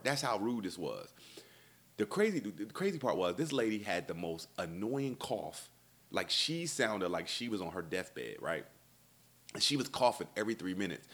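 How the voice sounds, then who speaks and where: A man, a comedian, telling a long comic travel story and acting out the people in it. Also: fairly low pitch. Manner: animated, acts out dialogue in voices. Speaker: stand-up comedian.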